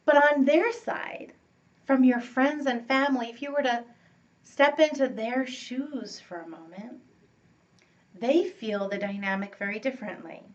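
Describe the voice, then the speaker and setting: A woman giving a relationship coaching talk, upbeat and animated, laughing and acting out what friends and family say. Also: fairly high pitch, measured pace, distant mic, dull audio. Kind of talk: teaching talk to camera.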